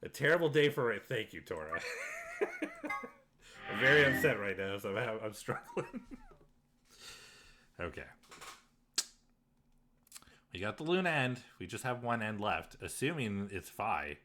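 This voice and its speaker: A man's voice: fairly low pitch, very animated, moderate pace, background noise. A man streaming a game live, reacting emotionally and laughing often as he comments on the story. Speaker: let's play streamer.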